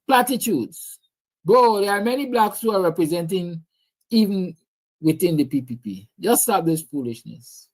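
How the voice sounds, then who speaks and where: A man's voice: high-pitched, lively intonation, moderate pace, darkish tone. A man with a Guyanese accent hosting a livestream, giving impassioned, preachy political commentary and answering viewer comments. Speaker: livestream host.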